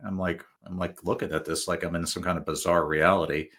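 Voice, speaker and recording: A man's voice: low-pitched, a little fast, hardly any pauses, pushed and bright, slightly rough. A male guest telling stories in a casual, rambling way, full of fillers and restarts. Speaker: guest author. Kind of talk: casual storytelling.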